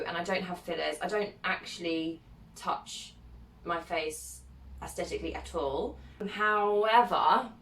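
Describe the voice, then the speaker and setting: A woman's voice: mid-range voice, fairly bright tone. Chatty woman, roomy distant sound. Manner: chatty and giggly, reads each question aloud then answers with lots of ums. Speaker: content creator. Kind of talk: casual chat answering viewer questions. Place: at home, sitting alone.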